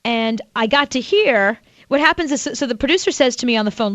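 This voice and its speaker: Brief: higher-voiced woman radio co-host, lively storyteller, dry muffled studio sound. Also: brisk, few pauses, no room sound. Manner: chatty storyteller, animated, laughs often. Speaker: radio show co-host and author. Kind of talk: casual radio banter.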